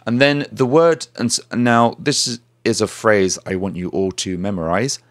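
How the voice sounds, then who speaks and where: Low-voiced man explaining phrases. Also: normal speed, no echo, clean studio sound. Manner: chatty, explains phrases step by step. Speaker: language podcast host. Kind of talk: conversational language lesson.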